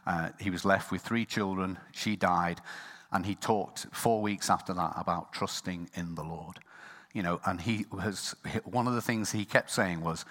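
A man preaching a sermon as pastor of his church, earnest and sometimes dropping to a hushed tone. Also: sits low, moderate pace. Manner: earnest, softening to a hushed close. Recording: long church hall reverb.

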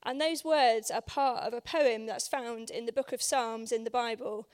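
Hoarse woman giving a chatty sermon. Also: fairly high pitch, fairly even intonation, normal speed, a little mellow. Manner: conversational, many ums, asks the room for agreement. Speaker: guest preacher. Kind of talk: informal sermon. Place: church service.

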